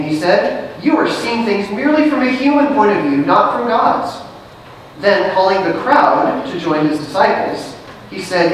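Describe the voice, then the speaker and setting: A woman pastor preaches from some distance off the microphone, and her voice rings through a very echoey church sanctuary over a faint room hum. She reads scripture aloud, then talks it through with her listeners in an easy, conversational way, full of questions. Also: on the high side. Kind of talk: sermon. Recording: very echoey sanctuary, picked up from afar.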